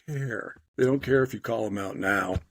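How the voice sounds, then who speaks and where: A man telling animated stories in casual podcast chat, swearing freely and acting out what people said. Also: fairly low pitch, normal speed, no echo. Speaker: podcast guest storyteller.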